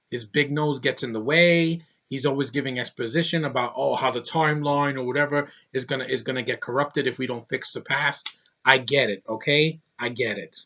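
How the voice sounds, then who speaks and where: A man's voice: mid-range voice, bright, forceful tone. A man casually reviewing a TV episode, rambling and enthusiastic with lots of fillers and restarts.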